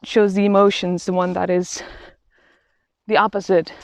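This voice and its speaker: A woman talking through a reflective vlog while out on a quiet walk in nature, halting and thoughtful, often restarting her sentences. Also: lowish voice, flat delivery, gravelly, no room sound. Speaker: vlogger. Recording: dull, slightly lo-fi sound.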